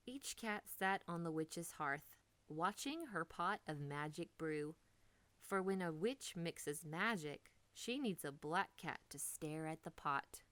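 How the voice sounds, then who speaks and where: A woman reading a children's storybook aloud, expressive and dipping into whispers for drama. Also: low voice, takes it slowly, dry recording.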